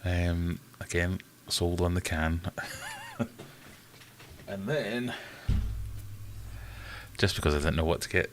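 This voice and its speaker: A man's voice: low-pitched, slow pace, pauses often, slight background noise. A man hosting a casual live stream, chatting and greeting viewers in a self-deprecating way.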